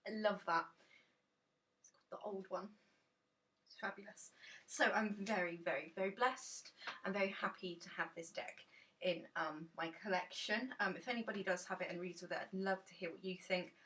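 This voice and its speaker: A woman's voice: mid-range voice, fairly even intonation, a little fast, sharp tone, recorded from a distance, slight background noise. A woman chatting enthusiastically and rambling casually about a tarot deck in a dim room.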